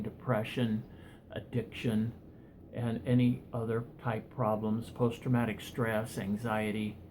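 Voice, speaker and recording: A man's voice: medium pitch, a little mellow, a little hiss or hum. Earnest man telling a parable. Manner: earnest, conversational storyteller. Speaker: pain management counselor and author. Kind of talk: storytelling talk.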